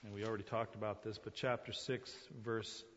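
A man preaching a sermon with big swings in volume, dropping to a near murmur and then rising to loud, high-pitched exclamations. His voice rings with a long hall reverb, and the sound is a little muffled. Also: little pitch movement, a little fast, slight background noise. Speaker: pastor.

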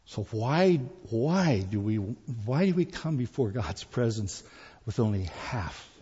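A man's voice: mid-range voice, big pitch swings, slow pace, husky. Man preaching in an echoing hall. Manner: rising to emphatic, then dropping to quiet asides. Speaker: pastor. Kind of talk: sermon. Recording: dull sound with long hall reverb.

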